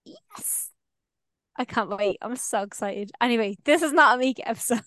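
A young woman, co-hosting a podcast in casual chat, chatty and laughing easily between quick asides. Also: a little high, a bit bright, dry recording, studio quality. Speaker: podcast co-host.

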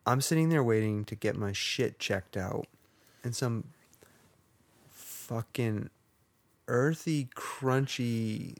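Guy co-hosting a podcast, slow sarcastic rant, swears constantly. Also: mid-range voice, animated, gravelly, no echo. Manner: profane, sarcastic ranting. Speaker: podcast co-host.

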